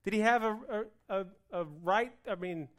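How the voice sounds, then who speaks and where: A man preaching a sermon with lively swings between loud outbursts and hushed, slow passages, acting out the people's complaints. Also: high voice. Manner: plays out the people's complaints in a whiny voice. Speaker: pastor.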